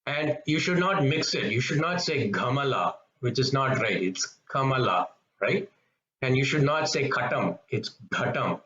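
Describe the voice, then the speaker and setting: A man teaching pronunciation in a patient lesson, slowly repeating each example sound. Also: medium pitch, a bit bright. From Tamil-speaking background, South India. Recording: echoey, slightly dull room recording.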